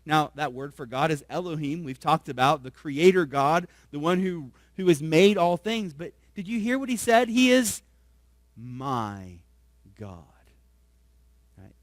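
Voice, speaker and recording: High-voiced man preaching a sermon. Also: lively intonation, measured pace, no room sound, clean studio sound. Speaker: pastor.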